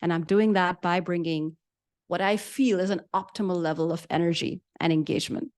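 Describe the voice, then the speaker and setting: A woman running an interactive public speaking session, varying her pace and pausing to show her points, and reading out answers from participants. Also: fairly low pitch. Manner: lively, demonstrates pauses and pace changes, reads out participants' answers.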